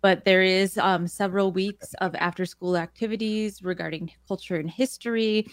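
A woman's voice: mid-range voice, steady tone, normal speed, no room sound, studio quality. A woman from Minnesota, a program manager guest on a radio show, talking casually and laughing often. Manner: friendly, laughs often, informal fillers.

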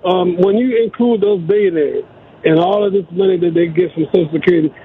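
A man's voice: high-pitched, fairly quick, breathy edge. A man calling in to a radio show, speaking insistently with stammered restarts. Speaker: caller. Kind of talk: phone-in call. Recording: tinny phone line.

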